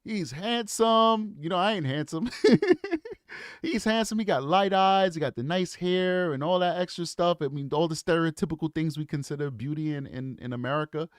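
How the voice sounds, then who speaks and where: A man's voice: fairly high pitch, expressive, moderate pace, dry recording, clean studio sound. A man in his forties giving casual, opinionated commentary straight to his viewers. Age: 40s. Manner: opinionated, talks straight to the audience. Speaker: true crime commentator.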